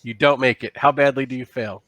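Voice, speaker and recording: Brief: male game master, bright and dry close-mic sound, loose rambling narration. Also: medium pitch, fairly even intonation, fairly quick, no echo. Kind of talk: narrating a tabletop role-playing game.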